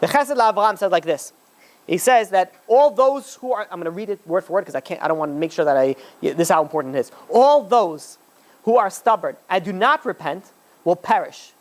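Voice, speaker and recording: Fast-talking rabbi teaching a class. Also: male voice. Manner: conversational, many "you know" fillers and restarts; swings to high, emphatic urging. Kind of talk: informal Torah class lecture.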